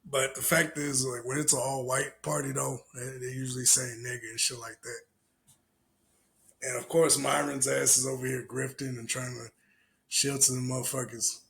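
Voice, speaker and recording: A man's voice: medium pitch, little pitch movement, moderate pace, vocal fry, a bit bright. A man hosting a podcast, giving loose, profane, laughing reaction commentary on clips. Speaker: podcast host.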